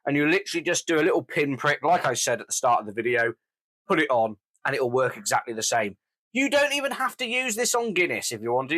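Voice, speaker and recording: A man's voice: on the high side, bright, forceful tone. A man doing a casual beer review, talking with gushing enthusiasm.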